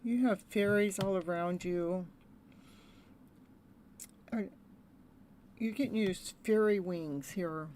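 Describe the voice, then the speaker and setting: A woman's voice: medium pitch, takes it slowly, long pauses, darkish tone, slight background noise. A woman giving a live tarot reading, chatty and laughing often as she talks. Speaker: tarot reader.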